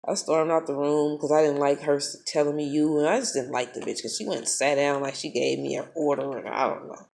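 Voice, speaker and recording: A woman, telling a personal story in a casual vlog, blunt and profane, animated as she talks. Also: low-pitched, brisk, vocal fry, a little hiss or hum. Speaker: spiritual vlogger.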